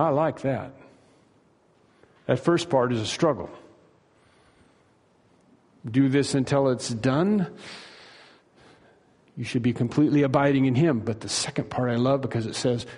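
A man preaching a sermon, emphatic, repeating key phrases and slowing down to stress them. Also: mid-range voice, darkish tone, slightly rough. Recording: long hall reverb.

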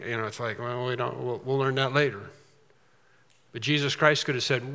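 A man preaching a sermon as pastor, emphatic, swinging from quiet asides to loud, drawn-out declarations. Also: mid-range voice, vocal fry, big-room sound.

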